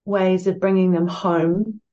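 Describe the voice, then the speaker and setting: Mellow-voiced New Zealand woman guest. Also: lowish voice, level tone, slow pace, lo-fi sound. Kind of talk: reflective conversational chat.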